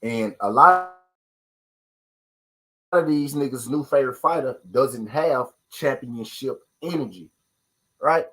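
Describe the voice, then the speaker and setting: Husky man ranting about boxing fans. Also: mid-range voice, slow pace, long pauses, bright, forceful tone, low-quality recording. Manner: repeats "right?" constantly, profane street slang. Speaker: boxing talk show host. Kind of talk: live-stream casual rant.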